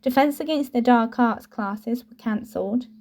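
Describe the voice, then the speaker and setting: A woman reading a novel aloud with steady, clear storytelling. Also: on the high side, normal speed. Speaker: audiobook reader.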